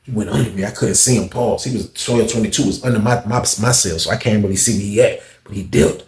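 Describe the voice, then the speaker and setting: A man's voice: on the low side, fairly quick, darkish tone. A man casually telling a prison story in slangy speech, addressing listeners directly. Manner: slangy, talks to the audience directly. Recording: roomy echo.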